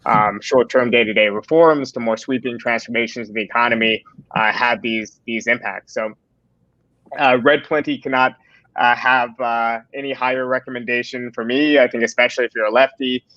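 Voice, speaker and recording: Male moderator, halting casual delivery, dry lo-fi sound. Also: mid-range voice, fairly even intonation, sharp tone, dry recording. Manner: hesitant, many fillers and restarts. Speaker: host and moderator. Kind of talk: conversational panel discussion.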